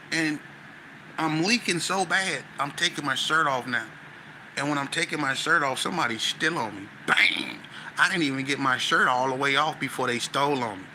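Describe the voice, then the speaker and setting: A man with a very bright, sharp-edged voice tells a story as a podcast guest. He talks in lively, slangy bursts and acts out scenes with sound effects. There is a faint hiss of noise behind him. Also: on the high side. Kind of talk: animated storytelling.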